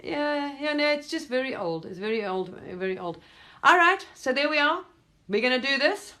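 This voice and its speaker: A woman's voice: high-pitched, very animated, normal speed, pushed and bright. Rambling emphatic English woman vlogger. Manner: rambling, emphatic, with casual swearing. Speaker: spiritual vlogger. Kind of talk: casual spoken monologue to viewers.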